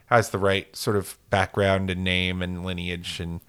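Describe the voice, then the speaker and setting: A man's voice: low-pitched, flat delivery, unhurried, fairly bright tone, clean tone. A man co-hosting a casual sports podcast, rambling and joking with lots of fillers and restarts. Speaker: podcast co-host.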